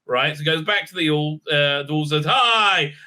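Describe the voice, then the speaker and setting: A man's voice: fairly high pitch, fairly even intonation, fairly quick, sharp tone. A man giving a casual, sarcastic episode recap and review, rambling with many filler words. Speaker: TV series reviewer.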